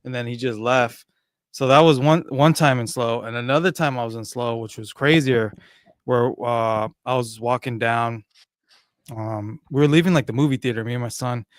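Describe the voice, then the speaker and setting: A man with a mid-range voice tells a street story in a relaxed podcast chat. He swears freely and swings between loud bursts and mutters. The recording is close and dry. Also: medium pitch, moderate pace, dry recording. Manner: animated, profane storyteller, swings loud and soft. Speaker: podcast co-host. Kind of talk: casual chat.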